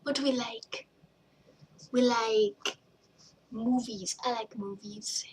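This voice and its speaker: A young woman with a fairly high voice rambles through a casual vlog, skipping from one tangent to another and acting out little quotes. She sits a bit back from the mic, so the voice sounds slightly distant. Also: steady tone, slow, a little mellow, slightly rough. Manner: rambling, jumps between tangents, acts out quotes. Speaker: vlogger and page admin. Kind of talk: casual rambling chat to camera.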